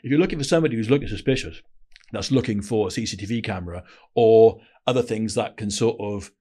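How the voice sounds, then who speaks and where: A man's voice: fairly low pitch, fast talker, dark tone. A man, a podcast guest telling blunt, slangy anecdotes with frequent restarts in a casual interview. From Wales. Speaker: podcast guest, former intelligence operative.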